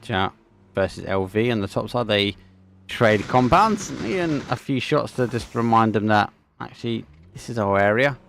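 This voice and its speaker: A gravelly-voiced man with an Essex accent commentates a live esports match. He speaks casually and warmly to his viewers, with a chatty, friendly manner. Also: fairly low pitch, expressive, normal speed, slight background noise. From England. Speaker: esports caster. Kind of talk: live game commentary with chat.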